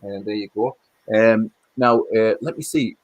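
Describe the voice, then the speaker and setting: A man co-hosting a casual livestream chat, animated and swearing as he rants about films. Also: fairly low pitch, unhurried. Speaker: co-host.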